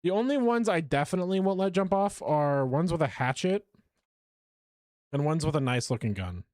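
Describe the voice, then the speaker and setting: Male streamer, chatty and animated, a touch high-pitched, dry close mic. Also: moderate pace, dry recording. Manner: chatty, animated, self-mocking. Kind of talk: live gameplay commentary.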